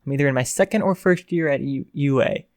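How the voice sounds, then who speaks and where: A man voicing a shy, flustered teenage boy student in a read-aloud fan story, speaking softly and stammering. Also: mid-range voice, quick pace, no echo, clean studio sound, close to an everyday voice. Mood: nervous. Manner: hesitant, stammering, soft.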